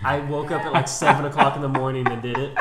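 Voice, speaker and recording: A man's voice: mid-range voice, flat delivery, quick pace, a crowd in the background. A young man co-hosting a podcast, joking and teasing his friends in casual chat. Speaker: podcast co-host. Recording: echoey room.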